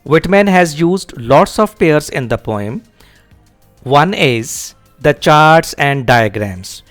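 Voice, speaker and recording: A man giving a classroom lecture on a poem exercise, repeating and spelling out key words deliberately. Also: fairly high pitch, lively intonation, a bit bright, faint music behind. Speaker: English teacher.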